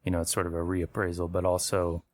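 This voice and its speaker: A man narrating a tabletop horror game as game master, relaxed and often laughing. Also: low-pitched, fast talker.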